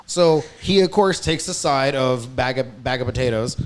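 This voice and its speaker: A man talking in casual podcast chat, heated and profane as he tells a story. His pitch sits in the middle, and he speeds up in quick bursts when angry. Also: slight background noise. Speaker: podcast host.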